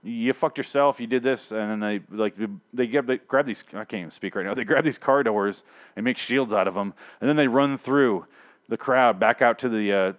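A man casually recapping a TV episode in a rambling, profane, animated way. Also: lowish voice, moderate pace. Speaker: TV show recapper.

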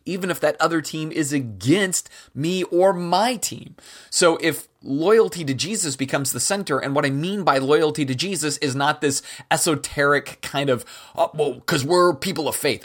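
A man hosting a podcast, speaking earnestly and emphatically about faith in a reflective monologue with repeated phrases. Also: medium pitch. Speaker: podcast host.

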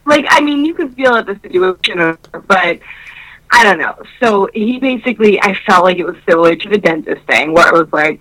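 A woman in casual podcast chat, loud and profane, retelling a date with many fillers and acting out both sides of the conversation. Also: lowish voice, a little fast, low-quality recording. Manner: animated storytelling that acts out both sides of a conversation.

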